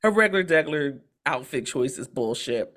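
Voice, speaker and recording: A woman co-hosting a podcast, telling a story in a profane, animated, casual way. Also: low-pitched, fairly quick. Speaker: podcast co-host. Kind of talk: casual chat.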